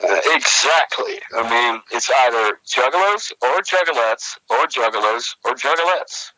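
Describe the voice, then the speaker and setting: A young man co-hosting a comedy podcast, telling a rambling story with many halting restarts. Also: medium pitch, animated, bright, forceful tone, dry recording, low-quality recording. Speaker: podcast co-host.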